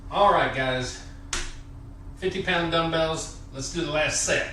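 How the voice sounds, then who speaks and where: A man's voice: fairly high pitch, slow pace, pushed and bright, echoey room, slight background noise. A man chatting on a workout live stream, counting reps aloud, out of breath and joking between sets. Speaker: fitness vlogger.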